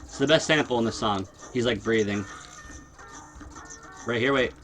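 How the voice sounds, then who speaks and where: Young male streamer, bright tone, profane rambling rant, music faint behind. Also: mid-range voice, moderate pace. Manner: swears constantly, rambling and blunt. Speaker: livestreamer. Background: music playing.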